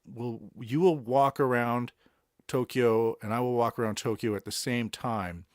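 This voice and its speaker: A man's voice: medium pitch, fairly even intonation, measured pace, a little mellow, no echo. Boston guy rambling on his podcast, lots of uhs, dead dry sound. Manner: rambling, chatty, with many uh fillers and self-corrections. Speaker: podcast host. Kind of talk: casual solo podcast chat introducing songs. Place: Tokyo.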